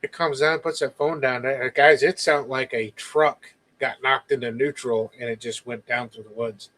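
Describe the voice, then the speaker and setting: A male guest tells a story in casual chat, animatedly acting out what other people said in lively quoted bursts. His voice is medium-pitched at a normal speed, and the recording is rough.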